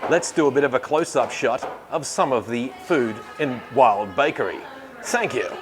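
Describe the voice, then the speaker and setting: A man's voice: mid-range voice, animated, moderate pace. An Australian man hosting a casual walk-and-talk vlog, filming himself on a handheld camera and rambling cheerfully as he thanks people. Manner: chatty, rambling, says thank you a lot. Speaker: vlogger host. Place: bakery and city street, indoors and outdoors.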